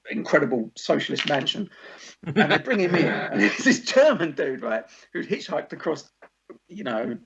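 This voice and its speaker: A man hosting a podcast in casual chat, an animated storyteller who acts out quoted lines. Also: on the high side, gravelly. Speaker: podcast host. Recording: dull lo-fi podcast audio.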